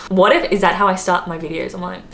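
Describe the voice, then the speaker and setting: A woman's voice: lowish voice, fairly even intonation, quick pace, a bit bright. A young Australian woman vlogging to camera in a casual, self-mocking chat, her accent drifting toward British. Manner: chatty, self-mocking, laughs often, many fillers.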